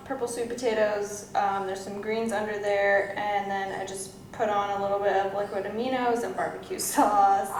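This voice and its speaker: A young woman vlogging casually to camera about her day, chatty and upbeat, filling her talk with "like", hot and sweaty in a house. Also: on the high side. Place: house in Bali, indoors. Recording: echoey room with faint ambience.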